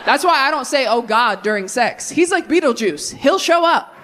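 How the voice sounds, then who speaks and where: A woman's voice: sits high, lively intonation, moderate pace, heavy background noise. A woman in her thirties doing a brutally honest, self-deprecating stand-up set into a handheld mic on a comedy stage. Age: 30s.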